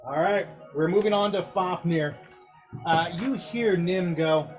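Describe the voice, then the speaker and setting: Man narrating as game master, higher voice. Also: a little slow, over music. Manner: descriptive, relaxed narration with fillers.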